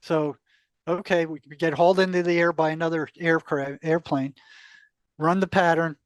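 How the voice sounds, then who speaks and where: The high-voiced older man, a guest on a casual interview, animatedly recounts a lengthy personal tale, acting out who said what and chuckling throughout. His pace is moderate, and the audio is close and dry with no sense of the room.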